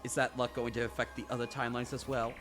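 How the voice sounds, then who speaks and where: A man streaming a visual novel, reading the protagonist's lines and narration aloud in an animated way. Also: mid-range voice, fast talker, over music. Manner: animated, self-mocking, swears freely.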